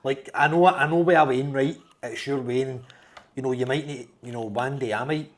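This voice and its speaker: A man's voice: mid-range voice, a little fast. A Scottish man co-hosting a podcast in casual chat, teasing his co-host and telling jokes. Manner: teasing, jokey banter.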